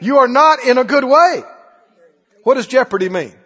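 A man's voice: very high-pitched, expressive, moderate pace, pushed and bright, husky, big-room sound, highs cut off. A man preaching a sermon, firing repeated questions at his congregation. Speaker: pastor.

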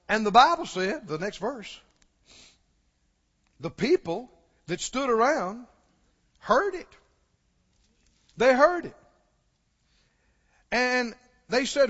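A man's voice: extremely high pitch, big pitch swings, slow pace, pauses often, fairly bright tone. A man preaching a sermon with passion, asking his listeners questions and rising to exclamations. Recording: dull lo-fi sound with long hall reverb.

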